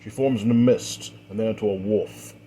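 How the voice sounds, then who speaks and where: A man narrating a dark fantasy tale, leaning into the action beats and often tying events together with repeated linking phrases. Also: lowish voice, moderate pace, very noisy. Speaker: storyteller. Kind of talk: dramatic fiction narration.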